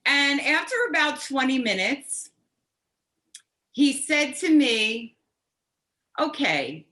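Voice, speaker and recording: A middle-aged woman from New Jersey tells a personal story as a patient, halting and restarting, wry and animated. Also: sits high. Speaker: patient telling her story.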